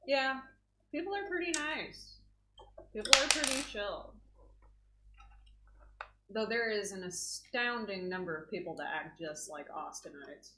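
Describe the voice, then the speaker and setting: A young woman with a Texan accent chats casually and teases. Her voice is bright and forward, and she laughs easily. The room around her echoes noticeably. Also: mid-range voice, expressive, measured pace, long pauses, a little hiss or hum. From Texas. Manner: playful, opinionated, laughs often. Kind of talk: casual chat.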